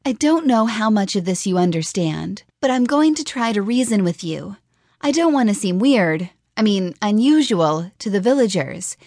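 A woman's voice: mid-range voice, animated, normal speed, a little mellow, no echo, studio quality, voice pushed up. A woman voicing an earnest, practical young woman in a fantasy audiobook, speaking in a reasoning, slightly unsure way. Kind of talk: audiobook character voice.

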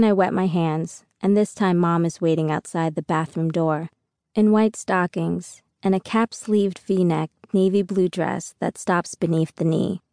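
A woman reads a first-person audiobook in an unhurried, reflective manner. Her voice sits somewhat low and mellow. The recording is close and dry. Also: no room sound. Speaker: audiobook narrator.

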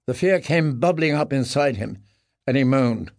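A man narrating an audiobook in a measured, grave storytelling manner. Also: medium pitch, animated, gravelly, a little mellow, no room sound, clean studio sound. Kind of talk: scripted narration.

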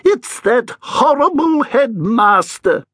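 A man voicing a grumpy, bossy old female plague ghost, grumbling scornfully in a shrill voice. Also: very animated, slow, fairly bright tone, no room sound, studio quality, exaggerated voice. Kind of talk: audiobook character voice.

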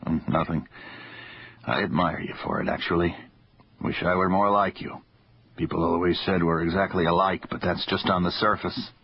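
A man's voice: low-pitched, steady tone, normal speed, gravelly, dull audio, a little hiss or hum. A man voicing a dying old father who is wry and stubborn, in an audiobook.

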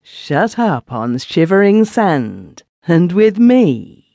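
A man's voice: high-pitched, big pitch swings, dark tone, dry recording, voice pushed up, heavily acted. A man reading aloud voices a vengeful, hateful male lighthouse keeper in an audiobook. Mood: menacing. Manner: threatening, hateful, slow and deliberate.

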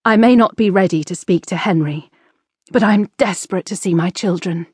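A woman's voice: mid-range voice, a little fast, a little mellow, breathy edge, dry recording, clean studio sound, lightly acted. A woman reading an audiobook, voicing a proud, strong-willed middle-aged queen who speaks firmly and defiantly. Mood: tender. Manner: firm, defiant, clipped.

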